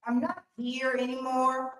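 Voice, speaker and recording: A woman performing a raw, profane, confessional spoken-word poem live at a slam, swinging between hushed and loud lines. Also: high-pitched, steady tone, a little slow. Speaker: slam poet. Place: indoor theater venue. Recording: echoey venue, voice from a distance.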